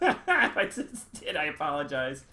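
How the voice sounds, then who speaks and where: A man's voice: on the high side, huge pitch swings, measured pace, pushed and bright, a little hiss or hum. Rambling young man with lots of ums. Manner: rambling, many ums and uhs, trails off. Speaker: streamer's boyfriend, guest on a game stream. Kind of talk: casual chat while gaming, reading chat.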